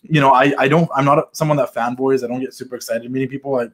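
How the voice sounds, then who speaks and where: A man's voice: mid-range voice, steady tone, very fast. A man hosting a podcast, chatting casually at a convention venue in a rambling, self-deprecating way full of fillers. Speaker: podcast host.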